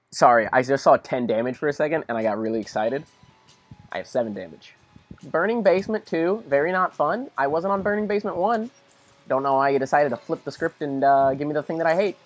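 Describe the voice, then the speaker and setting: A young man casually rambling through gameplay commentary, tired and easygoing, now and then talking to his dog. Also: fairly high pitch. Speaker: let's play commentator.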